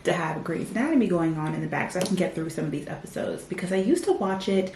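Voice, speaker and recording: Young woman vlogger, lowish voice, chatty and ranting, echoey home room. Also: lively intonation, fast, a little mellow. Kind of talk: casual vlog chat. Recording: echoey room, faint background noise.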